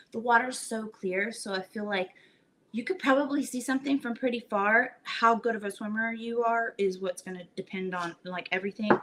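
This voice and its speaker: Bright-voiced chatty woman telling a story. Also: medium pitch, a little hiss or hum. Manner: animated, chatty, lots of "like". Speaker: cooking show host.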